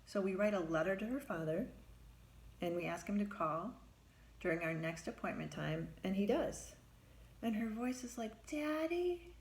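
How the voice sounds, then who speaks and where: A female therapist tells a personal story in a vivid, conversational way, acting out the voices of the people in it. Her voice is medium-pitched and her pace moderate.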